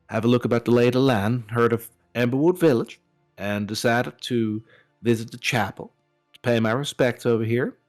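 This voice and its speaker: A man voicing a warm, radiant middle-aged woman priestess in a put-on Southern American accent, speaking gently and a little preachy. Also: fairly low pitch, close to an everyday voice.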